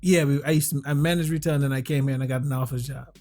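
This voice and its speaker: A man chatting casually as co-host, relaxed and slangy, laughing along with his friend. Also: mid-range voice, racing, faint music behind. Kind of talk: casual chat.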